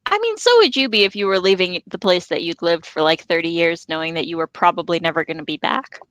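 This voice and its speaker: A fast-talking woman co-host with a lively, swooping voice, joking and poking fun at herself. Her pitch sits a little high. The sound is close and dry. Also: dry recording. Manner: joking, self-deprecating. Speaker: podcast co-host. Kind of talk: casual chat.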